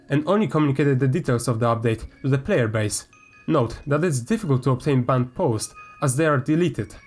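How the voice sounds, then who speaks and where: A man, a gaming YouTuber, reads a statement aloud and breaks into heated, swearing commentary. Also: mid-range voice. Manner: heated, swearing, flares up loudly. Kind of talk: reading aloud and ranting commentary.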